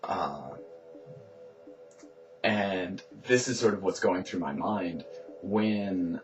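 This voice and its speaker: A man narrating his run through a city chase game in a casual, lively storytelling voice, acting out the shouts he heard. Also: sits low, extremely slow, lo-fi sound, faint music behind. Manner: lively retelling, acts out quoted shouts.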